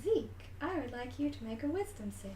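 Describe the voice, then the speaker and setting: A woman's voice: high voice, big pitch swings, a little fast, dark tone. Giggly woman game master, echoey and distant. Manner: giggly, hesitant with fillers. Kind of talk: narrating a tabletop game. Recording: echoey room, mic at a distance.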